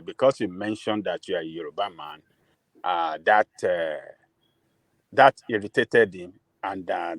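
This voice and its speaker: A man's voice: low-pitched, no echo, rough recording. A man calling in to a casual chat, speaking hesitantly with many filler sounds.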